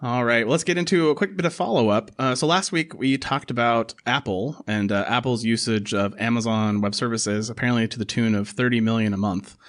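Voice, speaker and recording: A man hosting a casual tech podcast, chatty and full of fillers. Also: mid-range voice. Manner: quick, chatty delivery with frequent fillers. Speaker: podcast host.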